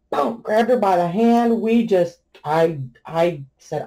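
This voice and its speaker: A middle-aged woman with a lowish, warm-toned voice chats casually to her crafting audience. She tells an embarrassing family story in a loose, conversational way and laughs often as she goes. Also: takes it slowly. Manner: chatty storyteller, laughs often, animated retelling. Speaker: crafting vlogger. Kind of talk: casual anecdote while crafting.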